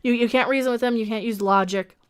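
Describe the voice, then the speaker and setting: A woman hosts a livestream with a high, smooth voice. She rants with passion, stacking up rhetorical questions, and stops to read out viewer comments. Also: steady tone, fast. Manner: impassioned, ranting, reads viewer comments aloud. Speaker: livestream host.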